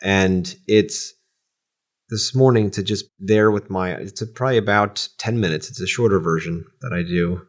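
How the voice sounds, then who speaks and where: Calm, low-voiced man on a podcast. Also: moderate pace. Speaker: podcast host. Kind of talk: casual podcast chat.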